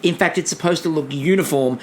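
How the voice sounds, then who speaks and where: A woman's voice: low voice, fairly quick. A woman co-hosting a podcast, chatting and joking in a casual way with lots of ums and restarts. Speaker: podcast co-host. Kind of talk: casual chat recapping a baking show.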